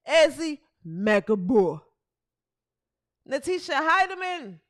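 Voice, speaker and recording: A woman's voice: high-pitched, a little slow. A woman hosting a casual livestream podcast, chatting with her live chat and reading out team rosters. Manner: chatty, animated, talks to the live chat and fumbles with her setup. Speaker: podcast host. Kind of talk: casual livestream chat about women's basketball.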